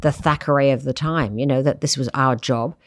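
A woman being interviewed about her years as a magazine editor, telling animated anecdotes with many asides. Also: rumbling low, brisk, dry recording, studio quality. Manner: animated, anecdotal, lots of "you know". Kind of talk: reflective interview storytelling.

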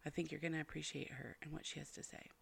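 A woman's voice: low-pitched, flat delivery, fast, gravelly, husky. A woman hosting a podcast, talking to listeners in a chatty, apologetic and heartfelt way. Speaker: podcast host. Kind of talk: casual podcast intro.

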